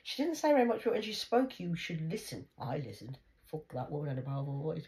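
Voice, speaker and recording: A woman's voice: sits low, lively intonation, fast talker, hardly any pauses, dark tone. A woman rambling casually about family memories, chatty and jokey, with frequent swearing. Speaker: vlogger. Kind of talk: rambling personal monologue.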